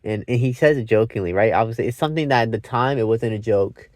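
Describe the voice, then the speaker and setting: A man's voice: medium pitch, fast talker, darkish tone, dry recording, studio quality. A man giving a casual, meandering movie review, often restarting his sentences and swearing freely. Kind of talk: casual rambling film review.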